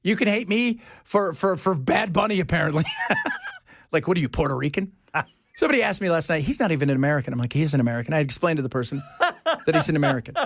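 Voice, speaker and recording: A man's voice: a little high, big pitch swings, fast talker, gravelly, a bit bright, no room sound. A man hosting a radio talk show, joking and teasing his co-hosts in casual on-air banter and acting out the voices of people he quotes. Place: radio studio.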